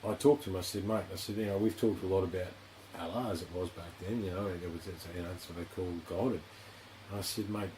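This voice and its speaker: An Australian man with a low, dark voice hosts a casual studio podcast interview, talking quickly in a steady tone. His speech rambles, stays frank and is heavy with swearing and "you know." The low-quality recording carries slight background noise.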